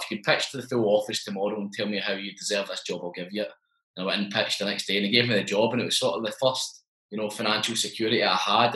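A young man in his twenties, a guest telling his story in a chatty, animated way and acting out the dialogue. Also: fairly low pitch, reverberant, rough recording. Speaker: interview guest, business owner. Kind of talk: casual storytelling.

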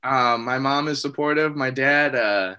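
A man's voice: medium pitch, a little slow, over a noisy crowd. A man who is a comedian guest on a podcast, telling wry, self-deprecating stories in casual chat.

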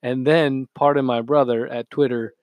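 A man's voice: mid-range voice, steady tone, moderate pace, no room sound, highs cut off. A man co-hosting a podcast, teasing the others with dry reactions and telling a workplace story. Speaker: podcast co-host. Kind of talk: casual banter.

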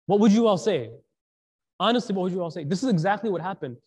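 A man's voice: high-pitched, animated, fast, darkish tone, breathy edge. A man giving a conversational sermon, asking the audience questions and mixing in slang. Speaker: preacher.

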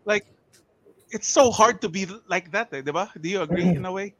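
A man's voice: high voice, fairly quick, slight background noise, rough recording. A man with a Filipino accent, co-hosting a casual chat and chiming in to back up a friend. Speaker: podcast co-host.

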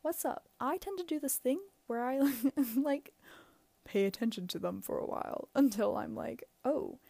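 A woman's voice: a little high, lively intonation, moderate pace, gravelly, mellow, no echo. A young woman hosting a casual solo advice podcast, rambling and self-mocking, with lots of "like" and frequent laughter. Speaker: podcast host.

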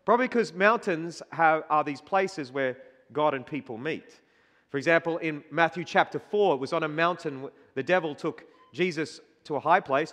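A man preaching a sermon, swinging between loud, emphatic declarations and quiet, reflective asides. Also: fairly high pitch. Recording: long hall reverb.

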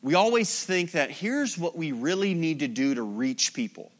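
A man's voice: a little high, lively intonation, normal speed. A man preaching a sermon as pastor, emphatic, with rhetorical repetition.

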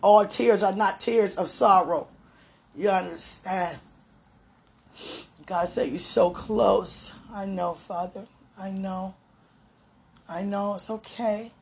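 A woman giving a fervent, emotional prayer and encouragement talk in a gravelly, sometimes hoarse voice, recorded at home. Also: medium pitch, steady tone, slow, pauses often. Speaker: spiritual vlogger.

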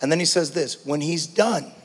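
High-voiced man preaching in a reverberant hall. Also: moderate pace, a little hiss or hum. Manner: passionate preaching that swings from hushed to shouted. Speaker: pastor. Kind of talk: sermon. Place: church.

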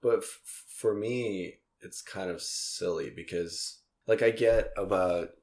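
A young man hosting a casual podcast conversation, talking in a relaxed, rambling way with lots of fillers and restarts. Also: low-pitched, takes it slowly. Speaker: podcast host.

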